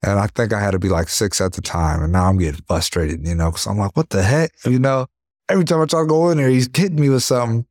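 Deep-voiced man telling boxing stories. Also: fast talker, no echo, studio quality. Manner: animated storyteller, acts out punches with sound words; leans on "you know what I mean". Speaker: professional boxer, interview guest. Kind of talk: casual interview storytelling.

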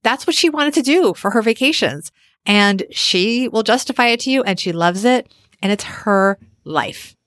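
Middle-aged woman, casual chat, lively storytelling, dry close sound. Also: on the high side, moderate pace, dry recording. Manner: animated storytelling, acts out quoted voices. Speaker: podcast host and author.

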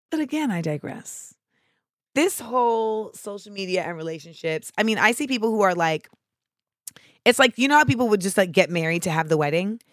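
A woman podcast host talks in a loose, animated way, swearing often and breaking off into asides as she tells stories. Her voice sits at an ordinary middle pitch. It is recorded dry and close on a studio mic. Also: moderate pace, long pauses, no room sound. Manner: animated, profane storytelling with frequent asides. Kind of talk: casual podcast chat.

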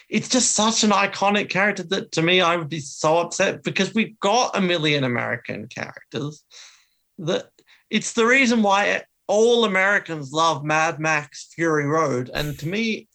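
An Australian man with a somewhat high, gravelly voice and a bright, forceful tone. He co-hosts a casual podcast and rants with firm opinions. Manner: ranting, opinionated, swears. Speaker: podcast co-host. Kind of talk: casual chat.

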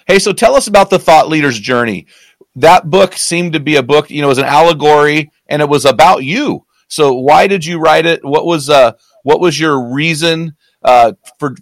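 A man's voice: fairly high pitch, dry recording. A man hosting an interview, affirming his guest and asking friendly questions. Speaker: podcast host.

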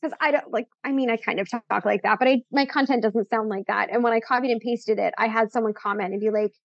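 A chatty, upbeat woman with a slightly higher voice talks through content tips as an interview guest. Her tone is a bit sassy. The sound is dry and slightly dull. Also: steady tone, fast, gravelly, no room sound. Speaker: podcast guest, content coach. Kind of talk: casual interview chat.

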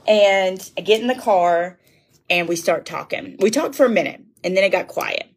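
A woman's voice: medium pitch, moderate pace. A woman who works as a public speaker, telling a rambling personal story in a chatty way and calling her listeners y'all. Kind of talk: casual storytelling.

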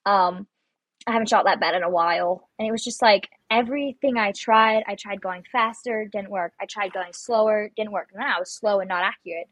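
A woman's voice: medium pitch, steady tone, brisk, a bit bright, dry recording, poor audio. A young adult woman, a guest on an interview show, telling stories in a chatty way and acting out her own panicked lines. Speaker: guest, competitive shooter. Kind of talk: casual interview chat.

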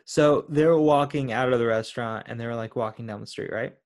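A man's voice: mid-range voice, a little fast, a little mellow. A man co-hosting a casual film chat, asking questions and laying out theories with many "uh" and "like" fillers. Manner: inquisitive, builds up theories with hesitant fillers. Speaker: podcast co-host.

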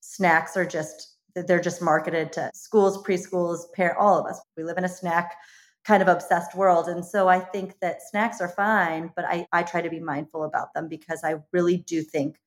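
A woman with a somewhat low voice, a cookbook author guesting on a casual interview. She speaks earnestly and thoughtfully, pausing and restarting now and then. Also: flat delivery.

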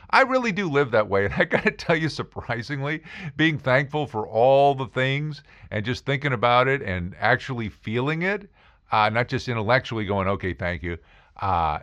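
Animated, sarcastic middle-aged man. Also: mid-range voice. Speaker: podcast host. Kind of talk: comedic monologue.

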